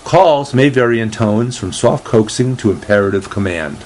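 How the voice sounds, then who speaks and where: A man hosting a casual solo talk show, reading aloud haltingly with lots of fillers and restarts, and a dry, deadpan humor. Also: on the low side, a little hiss or hum. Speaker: host.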